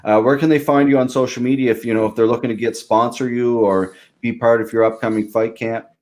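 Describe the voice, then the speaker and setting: A man hosting a casual interview podcast, upbeat and encouraging, talking quickly. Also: mid-range voice, steady tone, darkish tone. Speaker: podcast host.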